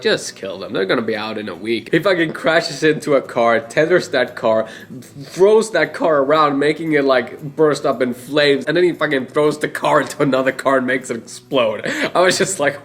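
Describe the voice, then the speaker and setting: A young man giving a casual, rambling movie opinion, laughing often and swearing. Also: mid-range voice. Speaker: movie reviewer.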